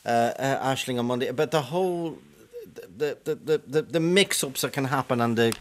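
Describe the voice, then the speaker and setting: An Irish man hosting a radio phone-in, gently probing a caller and often restarting his sentences. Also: mid-range voice, normal speed. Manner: gentle, probing, repeats himself and says okay a lot.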